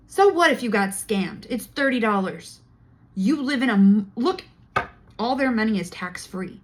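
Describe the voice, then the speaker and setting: A woman's voice: fairly high pitch, lively intonation, normal speed. A woman talking straight to camera in a casual monologue, indignant and emphatic as she builds her case. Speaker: vlogger.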